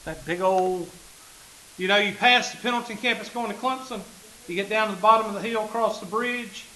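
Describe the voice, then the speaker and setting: A man's voice: sits high, brisk, sharp tone, a little hiss or hum, rough recording. A man, a math teacher talking casually and joking with his class in a classroom. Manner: joking, folksy, talks straight to the class.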